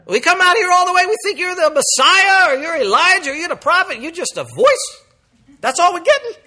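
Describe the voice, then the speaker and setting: A man voicing a group of exasperated male envoys who complain in a high, loud, incredulous way. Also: very animated, fairly quick, heavily acted.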